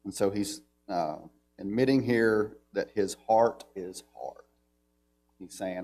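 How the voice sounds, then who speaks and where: A low-voiced man with a Southern American accent teaches a church Bible class in a relaxed, conversational way. He reads scripture aloud with emphasis in a mellow, warm tone. A faint hum sits under the recording. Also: slow.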